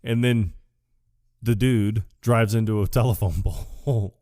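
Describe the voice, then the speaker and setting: A man co-hosts a relaxed podcast chat, his voice sitting on the lower side. He walks through movie scenes, laughing often and slipping into quick quoted lines. The sound is close and dry, with no room around it. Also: no room sound. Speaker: podcast co-host. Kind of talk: casual chat.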